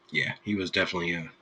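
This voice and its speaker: A man's voice: sits low, pushed and bright, a little hiss or hum, low-quality recording. A man hosting a live stream, chatting casually with his viewers in an easygoing, rambling way and laughing freely. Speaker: streamer host.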